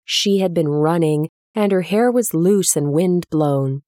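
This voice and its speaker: Woman storybook narrator, measured and lowish, dry booth sound. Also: dark tone, no echo. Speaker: audiobook narrator.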